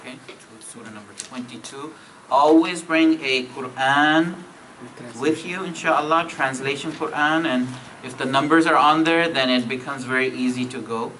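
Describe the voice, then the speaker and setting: A man teaching a grammar class, repeating each point, checking in with students and reciting verses quickly. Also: medium pitch, sharp tone, a little hiss or hum, rough recording. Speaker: Arabic teacher.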